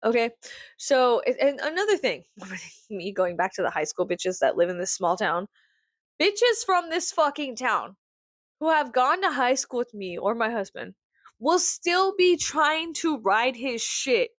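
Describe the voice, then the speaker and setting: This thirties-something vlogger rants at the camera with lively sarcasm and lots of swearing. She talks at a measured pace in a voice on the high side, captured dry and studio-clean.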